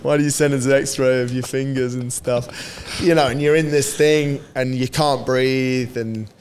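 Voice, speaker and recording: A man's voice: medium pitch, steady tone, measured pace, a little mellow, clear, resonant tone. A man in a podcast interview, telling a story in a casual way. He laughs often, swears and acts out what others said. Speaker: podcast guest.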